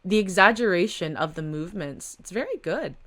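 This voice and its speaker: Woman webcomic reader, mid-pitched, casual asides between panels. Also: expressive, a little fast, fairly bright tone. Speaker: webtoon reader. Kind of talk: reading a comic aloud with commentary.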